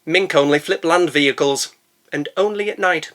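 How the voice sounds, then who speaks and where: A man narrating a comedic film recap, sarcastic and deadpan, full of puns. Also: a little high, normal speed. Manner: sarcastic, punning, deadpan asides. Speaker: film reviewer.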